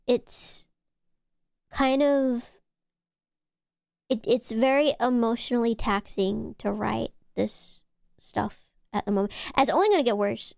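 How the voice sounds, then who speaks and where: Woman livestreamer, casual chatty ramble with loose swearing; smooth, clean tone, dead-dry sound. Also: a little high, darkish tone, no room sound. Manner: rambling, playful, swears freely. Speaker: VTuber streamer.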